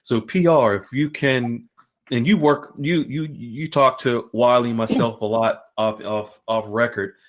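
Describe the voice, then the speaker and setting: Casting note: man, mid-pitched host, encouraging, introduces guests. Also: measured pace. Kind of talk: casual chat.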